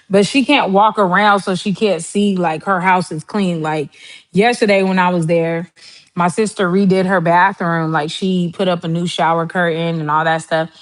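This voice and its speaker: A woman's voice: on the low side, normal speed. A woman hosting a casual livestream, chatting and telling family stories with frequent laughter. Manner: chatty storytelling, laughs often, mimics relatives. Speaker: livestream host. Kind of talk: casual livestream chat while cooking.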